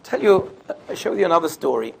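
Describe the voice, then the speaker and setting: A man with a gravelly, somewhat high voice tells stories in a sermon. His delivery is conversational and unhurried. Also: very animated, a little hiss or hum. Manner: conversational, sprinkles in Yiddish and Hebrew terms. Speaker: religious speaker. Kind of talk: storytelling sermon.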